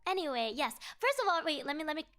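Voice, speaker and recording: A young woman chatting on a casual livestream, bubbly and playful, thanking viewers again and again and slipping into a softer mumble when she muses. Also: high voice, sing-song, fast. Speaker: VTuber streamer.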